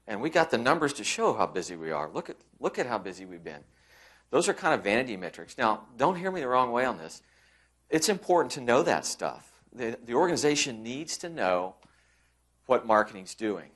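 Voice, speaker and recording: With a medium-pitched, fairly bright voice, this man is very animated at a normal speed. He presents a conference session in a conversational way, often restarting and impersonating quoted colleagues.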